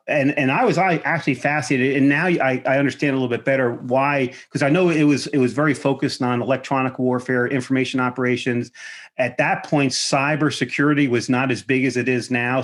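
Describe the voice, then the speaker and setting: Male podcast host, halting delivery full of restarts, mid-range voice. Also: medium pitch. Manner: halting, many restarts and fillers. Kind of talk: conversational interview.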